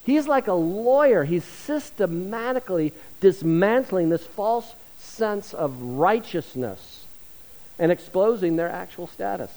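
A man's voice: high-pitched, animated, unhurried, darkish tone, rough recording. A middle-aged male pastor preaching a sermon, telling stories with self-deprecating humor before turning earnest.

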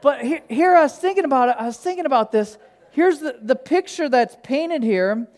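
A man's voice: very high-pitched, expressive, normal speed, darkish tone. A male pastor preaching a sermon, telling a personal story in a casual, humorous, conversational way.

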